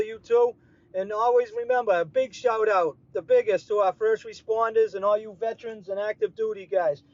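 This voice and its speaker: A man's voice: high voice, a little mellow. A man with a Boston accent giving a folksy, rambling radio update as a regular contributor. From Boston area. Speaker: weekly contributor. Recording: dull lo-fi remote recording.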